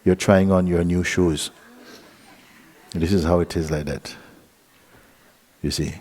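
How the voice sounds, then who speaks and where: A man giving a relaxed spiritual talk at a retreat, gentle and playful, often laughing as he tells a story. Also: low voice, slow pace. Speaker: spiritual teacher. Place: retreat hall.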